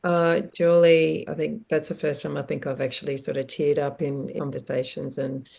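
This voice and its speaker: A woman co-hosts an interview podcast. She speaks gently and with empathy, often trailing into soft affirmations. Her voice has a noticeable gravelly fry. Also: deep voice, level tone, moderate pace. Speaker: podcast co-host. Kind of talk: conversational interview.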